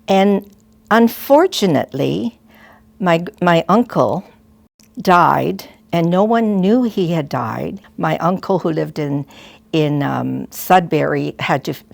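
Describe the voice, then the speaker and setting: A woman's voice: on the low side, creaky, dry recording. An older woman from Canada, a retired school principal, telling a personal story in a reflective, heartfelt way in a documentary interview.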